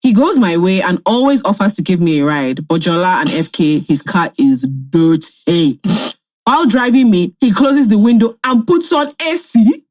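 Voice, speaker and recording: A woman's voice: medium pitch, moderate pace, no room sound. A Nigerian woman with a Nigerian accent, a podcast co-host reading listener letters and telling stories. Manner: lively storyteller.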